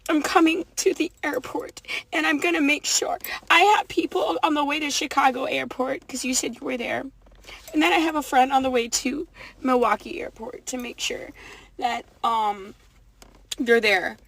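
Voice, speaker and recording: A woman's voice: sits high, normal speed, creaky, a bit bright. A woman livestreaming an angry rant, swearing a lot and rambling as she confronts someone.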